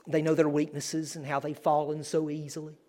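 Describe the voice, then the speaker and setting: A man's voice: fairly high pitch, monotone, brisk, mellow. A man preaching as a guest, earnest and building to emphatic declarations. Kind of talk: sermon.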